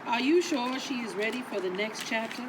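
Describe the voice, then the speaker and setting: A woman's voice: a little high, moderate pace, lightly acted. A woman voicing a sassy, impatient fellow cane master who teases bluntly in a comedy sketch. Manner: teasing, blunt. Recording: loud background noise.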